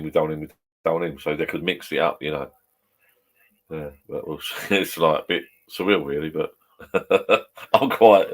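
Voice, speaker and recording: Bloke, fifties, low voice, a few beers in, rambling sweary chat in his pub shed. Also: fairly bright tone. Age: 50s. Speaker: vlogger.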